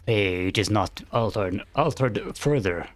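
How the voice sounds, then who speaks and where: A man doing an impression of a menacing masked male space villain, speaking slowly and solemnly. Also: fairly low pitch, pitched below the performer's own voice. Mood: ominous. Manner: slow, solemn, repeated tries at a famous line.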